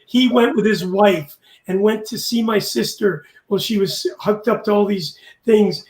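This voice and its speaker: A man with a fairly high voice hosts a casual live talk show, telling heartfelt stories that leave him emotional. His voice rings in an echoey room. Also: normal speed, a little mellow. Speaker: host. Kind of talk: casual chat.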